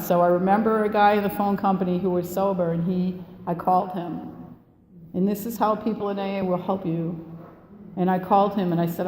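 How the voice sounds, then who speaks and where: A woman of about sixty with a mellow, mid-range voice shares her recovery story before a live audience, bluntly and with profanity, laughing between lines. It was recorded in an echoey hall with long reverb and a faint room hum.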